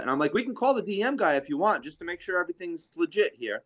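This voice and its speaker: A man from Rhode Island with a slightly higher voice spins a hunting tale in casual chat. He acts out the quotes of others as he goes. He laughs often along the way. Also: sing-song, fast, a bit bright. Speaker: podcast guest, deer hunter. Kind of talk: casual storytelling.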